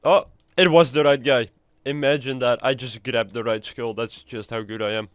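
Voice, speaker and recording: A man's voice: mid-range voice, steady tone, normal speed, no room sound. Chatty man commenting on gameplay. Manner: chatty, rambling, swears casually. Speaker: gamer.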